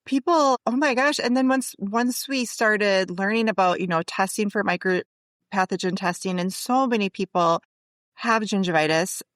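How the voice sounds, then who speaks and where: Woman, 40s, dentist guest; middle pitch, rambling delivery, dry close recording. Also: normal speed, fairly bright tone, no echo. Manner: rambling, many restarts and fillers. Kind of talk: casual interview conversation.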